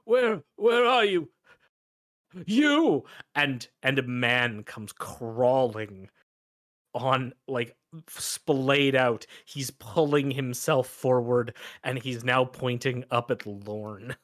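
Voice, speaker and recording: A man's voice: mid-range voice, fairly even intonation, takes it slowly, a bit bright, no echo, clean studio sound. Man narrating as game master. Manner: loose, hesitant narration.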